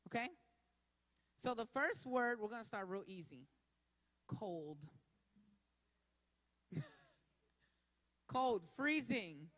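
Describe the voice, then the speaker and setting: A woman's voice: mid-range voice, lively intonation, takes it slowly, long pauses, fairly bright tone. A woman leading an interactive sermon, playful and drawing answers from the crowd. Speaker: speaker leading a church audience. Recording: echoey hall.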